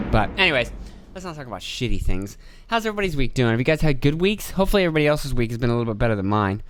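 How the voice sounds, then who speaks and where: A man, probably in his thirties, hosting a podcast and ranting casually in a profane, exasperated way, while telling animated stories. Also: medium pitch, rapid-fire, slight background noise. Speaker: podcast host. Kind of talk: casual solo rant.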